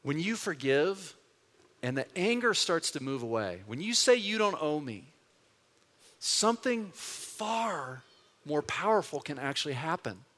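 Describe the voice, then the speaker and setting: A male pastor preaching a storytelling sermon in an earnest, conversational way, dropping to hushed tones and rising again. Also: a little high, big pitch swings, measured pace, long reverb tail. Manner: earnest, conversational, swings between loud and hushed.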